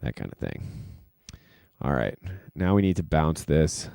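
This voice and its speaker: A man's voice: sits low, animated, normal speed, creaky, dark tone, no echo, clean studio sound. A man hosting a casual livestream, rambling loosely with lots of fillers and self-deprecating asides. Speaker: livestream host and music producer.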